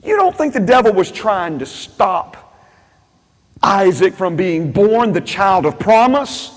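High-voiced preaching man in a reverberant hall. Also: big pitch swings, slow pace. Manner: emphatic preaching with frequent amens and repetition. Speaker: pastor. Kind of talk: sermon.

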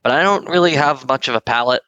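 Bright-voiced laughing man in casual chat. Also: mid-range voice, fast, no echo, dull audio. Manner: laughs often, rambling and playful. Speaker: podcast co-host.

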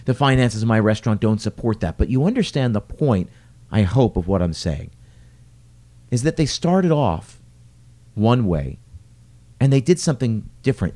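A man's voice: mid-range voice, dark tone. A middle-aged man who runs restaurants, talking alone in an earnest podcast monologue full of rhetorical questions. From lives in New York City.

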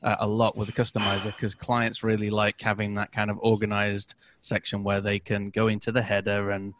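A man's voice: on the low side, monotone, fairly quick, a bit bright. A man with a British accent co-hosting a podcast, chatting in an upbeat, enthusiastic way. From Britain. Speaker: podcast co-host. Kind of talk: casual chat.

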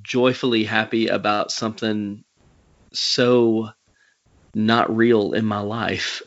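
A man with a Southern US accent hosts an interview, rambling and hesitant and quick to laugh. He speaks very slowly in a lowish voice. The audio is dull and lo-fi. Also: steady tone, fairly bright tone. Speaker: podcast host. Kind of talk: casual interview chat.

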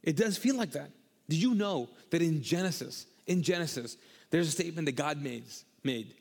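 Pastor guy, animated, keeps repeating himself, kinda high voice, big reverby church hall. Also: normal speed, gravelly. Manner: animated, repeats phrases, acts out quotes. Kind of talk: sermon. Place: church auditorium.

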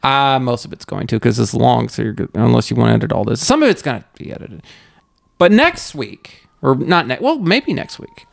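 Gravelly, animated man co-hosting a podcast. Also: medium pitch, normal speed. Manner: joking, ranting, laughs mid-sentence. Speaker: podcast co-host. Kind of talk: casual podcast banter.

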